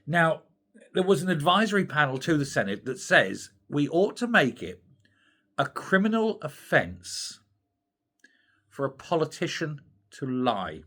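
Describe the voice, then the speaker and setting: An older British man delivers a solo opinion rant with scorn and open indignation. His voice is bright and fairly high for a man, and it rises and falls a great deal as he talks. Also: unhurried, pauses often. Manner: indignant, scornful, animated ranting. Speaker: commentary channel host.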